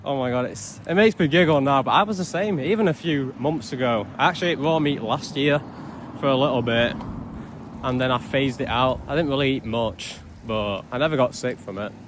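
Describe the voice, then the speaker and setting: A young man rants straight to camera in a casual vlog, blunt and sarcastic, swearing often. His voice sits at an ordinary middle pitch. Faint traffic and street noise hum in the background. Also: brisk. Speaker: vlogger.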